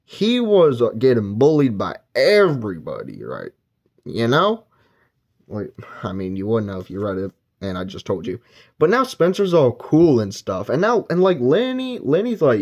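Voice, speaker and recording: A man's voice: mid-range voice, wildly swooping pitch, normal speed. A man giving a casual, rambling spoken book review, retelling the plot and briefly acting out characters' lines. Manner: rambling plot recap with filler words.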